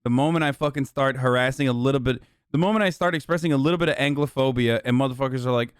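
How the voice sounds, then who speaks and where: A man's voice: medium pitch, very fast, hardly any pauses, smooth, no echo, clean studio sound. A man hosting a live stream, talking casually and sarcastically with lots of swearing. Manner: profane, sarcastic. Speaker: streamer host.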